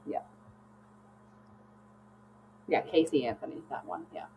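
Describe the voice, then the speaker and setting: A woman co-hosting a casual podcast chat, expressive and swearing casually as she jokes. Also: a little slow. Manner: expressive, swings high when joking, swears casually. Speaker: podcast co-host. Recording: dull lo-fi mic with faint hum.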